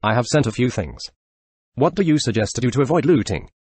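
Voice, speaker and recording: A male text-to-speech robot voice reading forum questions and answers in an even, synthetic way. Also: medium pitch, fast, slightly rough, dry recording. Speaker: video narrator. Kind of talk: reading forum posts aloud.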